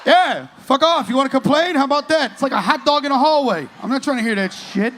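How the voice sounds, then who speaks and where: A man's voice: extremely high pitch, fast talker, a bit bright, slight background noise. A man in his late thirties doing a crude, profane stand-up comedy set on a comedy club stage, working the crowd. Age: 30s.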